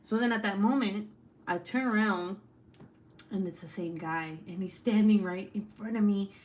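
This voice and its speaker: A woman's voice: mid-range voice, normal speed, a little mellow. A woman hosting a livestream, telling stories in a casual, chatty way, laughing often and swearing freely. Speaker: livestream host. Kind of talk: casual chat and storytelling.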